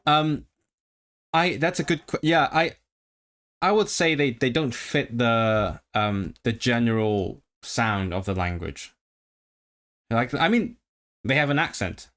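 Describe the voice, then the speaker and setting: A man of ordinary pitch talking casually to his livestream audience. He thinks out loud, often restarting sentences. Now and then he breaks off to practice rolling his Rs. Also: animated, takes it slowly, long pauses. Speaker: streamer.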